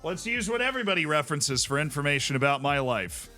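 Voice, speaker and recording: A man from Tampa, Florida streams a sports management game, chatting wryly with viewers as casual game commentary. His slightly high, bright, forceful voice is fast with big pitch swings, and faint music plays behind.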